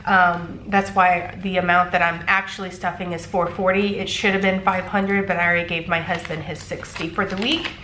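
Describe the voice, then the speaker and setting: A woman's voice: lowish voice, level tone, normal speed, hardly any pauses, sharp tone, reverberant, slight background noise. A congested woman casually talking through her weekly cash budget, counting bills aloud with frequent ums. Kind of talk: casual chat.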